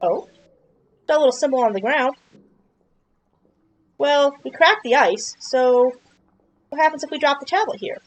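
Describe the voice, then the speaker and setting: A woman's voice: high voice, expressive, moderate pace, long pauses, rough recording. A woman giving chatty, playful commentary while playing a video game, joking and exclaiming at surprises. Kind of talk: casual game playthrough commentary.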